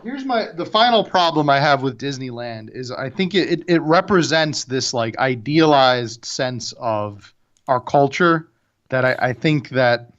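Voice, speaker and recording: A man's voice: medium pitch, animated, a little slow, fairly bright tone. A man co-hosting a casual debate podcast, opinionated and often restarting his sentences. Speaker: podcast co-host. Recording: dull lo-fi audio.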